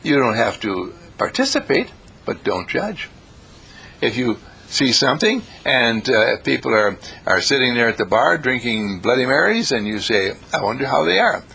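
A man giving a rambling, anecdotal spiritual talk who swings his pitch up and down for emphasis. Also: very animated, moderate pace, creaky, bright, forceful tone, husky. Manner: storytelling, swings pitch for emphasis, laughs at himself.

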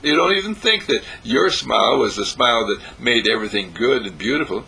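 A man giving a spiritual meditation talk, gentle and repetitive, with sing-song emphasis. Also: mid-range voice, lively intonation, brisk, creaky, few pauses, husky, low-quality recording. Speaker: spiritual teacher. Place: monastery breakfast table.

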